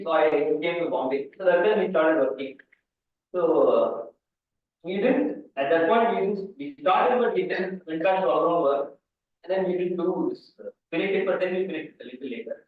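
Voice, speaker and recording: A man's voice: fairly high pitch, animated, brisk. A man giving a mathematics lecture at a conference, rambling with restarts and asides to the students. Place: lecture hall. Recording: echoey hall, far mic, phone-like band.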